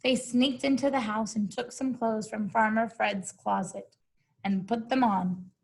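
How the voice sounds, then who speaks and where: Woman reading a storybook, casual amused asides, slow pace, husky, slightly high voice. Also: steady tone, low-quality recording. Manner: casual, amused, talks to listeners as "guys". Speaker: storybook reader. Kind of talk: reading a picture book aloud with chatty asides.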